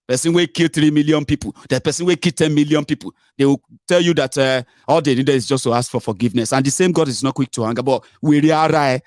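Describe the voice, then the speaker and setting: Talking fast with hardly any pauses, this Nigerian man delivers a mocking, emphatic political rant full of rhetorical questions, slipping into Pidgin and Yoruba. His voice sits on the high side, and the studio recording is clean with no room sound.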